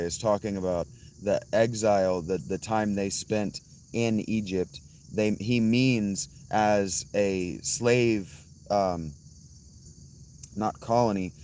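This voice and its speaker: A hoarse man hosting a casual livestream, answering chat bluntly and calling out viewers by name. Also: on the low side, a little mellow, slight background noise. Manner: blunt, swears, addresses chatters by name. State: hoarse, worn-out voice. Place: outdoors at night with insects.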